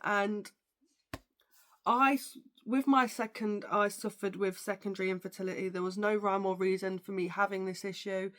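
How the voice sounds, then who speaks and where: A woman's voice: medium pitch, fairly even intonation, moderate pace, fairly bright tone. A young woman, talking casually as a book vlogger. She is chatty and gushing, with lots of fillers, and sounds tired, yawning now and then. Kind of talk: casual chat about books.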